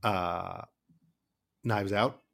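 A man with a fairly low voice chats on a podcast, rambling and restarting his sentences as he goes. He sounds like a dad in his thirties, easygoing and talkative. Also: steady tone, extremely slow, vocal fry, fairly bright tone. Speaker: podcast co-host. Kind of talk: casual chat.

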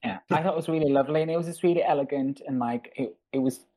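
A man's voice: a little high, very fast, dark tone. A man hosting a casual interview, asking questions and gushing with enthusiasm. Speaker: podcast host.

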